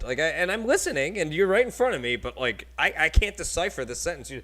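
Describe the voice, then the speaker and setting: A man's voice: a little high, big pitch swings, fast talker, hardly any pauses, bright, forceful tone, rough recording. A man hosting a casual podcast, telling rambling stories and laughing often. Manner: chatty rambling storyteller with frequent laughs. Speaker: podcast host.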